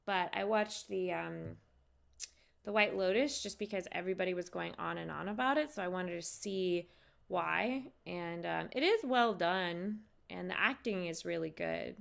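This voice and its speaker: A woman who teaches yoga, chatting casually with viewers on a live stream, unhurried and loose with fillers and restarts. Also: on the low side, gravelly, a bit bright.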